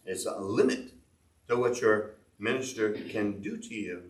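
A man's voice: fairly low pitch, big pitch swings, measured pace. A man preaching a sermon as a pastor, earnestly explaining scripture and reading verses aloud. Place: church. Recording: echoey church room, mic at a distance.

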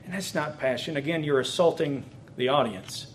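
Lively, conversational male pastor. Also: fairly high pitch, normal speed, slight background noise. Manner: lively and conversational, with bursts of excitement. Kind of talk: teaching talk on preaching.

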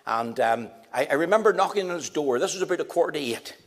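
Gravelly-voiced man preaching his testimony. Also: fairly high pitch, animated. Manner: storytelling, acts out dialogue, slows for emphasis. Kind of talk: sermon testimony.

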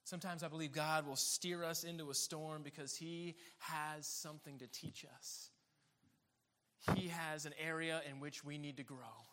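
Speaking at a moderate pace in a fairly high pitch, this male pastor delivers a sermon full of laughter. He animatedly performs the voices of the characters he quotes.

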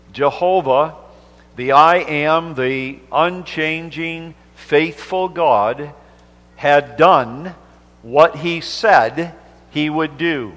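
A pastor preaching a Sunday sermon, reading scripture slowly and stressing words with emphasis. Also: male voice, on the high side, a bit bright. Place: church sanctuary. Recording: long church reverb.

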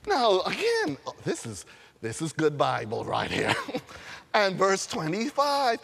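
A male preacher delivers a sermon with animated storytelling, sound effects and frequent laughter. His voice is high and swings widely in pitch. A long reverb from a large hall hangs on every phrase. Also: a little slow, creaky.

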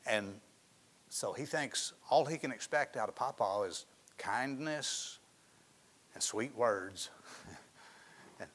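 A man preaching a sermon in a folksy storytelling way, often dropping to soft, hushed tones. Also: mid-range voice, slow pace, long pauses. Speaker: pastor.

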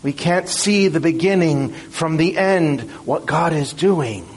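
A man preaching a sermon in an earnest, measured and emphatic way. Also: a little high, breathy edge.

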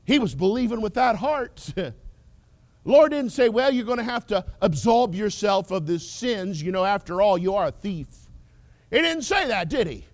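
A male preacher delivering an impassioned sermon, swinging from loud declarations to hushed whispers. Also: high-pitched, very animated, moderate pace, dry recording.

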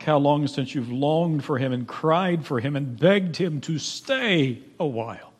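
A man preaching a sermon in a church, emphatic, swinging from loud pleading to hushed, quiet tones. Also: high-pitched, animated, unhurried, few pauses. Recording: long reverb of a large hall.

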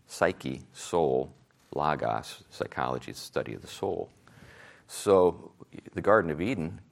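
Low gravelly man teaching Sunday school. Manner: animated, asks rhetorical questions, chuckles at own jokes. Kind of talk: Bible class teaching.

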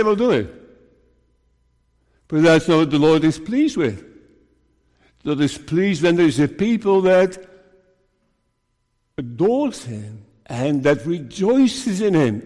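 A man preaching an earnest sermon as minister, with slow deliberate delivery and emphatic rises. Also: fairly high pitch, darkish tone, in a large hall.

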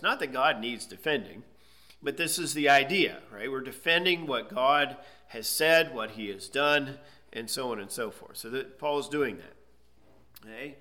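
A man, a pastor, preaches an expository sermon in a medium-pitched voice that's bright and forceful. He teaches with emphasis, repeatedly asking rhetorical questions.

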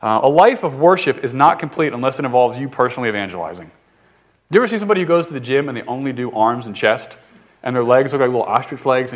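A man in his thirties from the northern US, a pastor preaching a conversational, jokey sermon with frequent restarts. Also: medium pitch. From northern United States.

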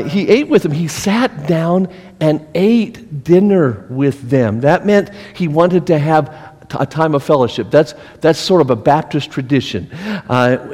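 Man, middle-aged, pastor, interactive Bible study, fairly high voice, animated, quizzes listeners, long hall reverb. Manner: animated, asks the group questions, acts out scolding voices.

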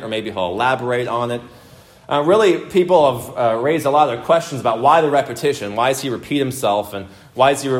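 A man preaching an expository sermon, stressing his points by repeating them and putting questions to the congregation. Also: medium pitch. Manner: emphatic, repeats points for emphasis, asks the room questions. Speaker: pastor.

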